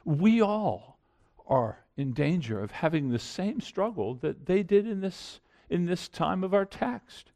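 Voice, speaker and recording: A man's voice: high-pitched, animated, measured pace, darkish tone. A middle-aged man preaching a sermon in an earnest, conversational way, building to emphatic points. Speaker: pastor.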